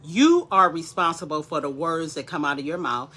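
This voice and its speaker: Lady vlogger, bright voice, preachy pep talk to the camera. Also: sits low, normal speed. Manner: animated, preachy, speaks straight to viewers. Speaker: wellness vlogger. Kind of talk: casual motivational talk.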